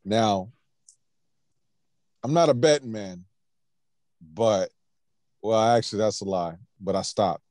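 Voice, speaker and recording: A man's voice: fairly low pitch, slow, long pauses, darkish tone, dry recording, studio quality. A man hosting a casual pop-culture podcast. He is laid-back, laughs often, and keeps moving the show along to the next topic. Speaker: podcast host.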